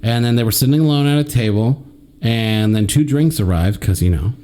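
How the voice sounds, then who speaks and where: A man's voice: a little fast, dark tone, a little hiss or hum. A young man co-hosting a casual podcast, reading a news story in a joking way. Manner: jokey, reads quotes in exaggerated high put-on voices. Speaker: podcast co-host.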